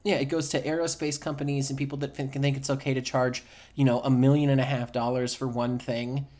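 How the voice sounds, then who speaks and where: A man's voice: medium pitch, flat delivery, fairly quick, a little mellow. A man co-hosting a podcast in casual chat, blunt and swearing freely as he builds into rants. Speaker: podcast co-host.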